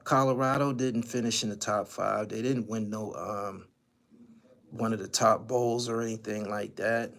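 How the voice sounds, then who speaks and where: A man hosts a livestream, delivering profane, ranting commentary and repeating his lines for emphasis as the channel host. His voice is lowish and a bit bright, with vocal fry, a steady tone and an unhurried pace.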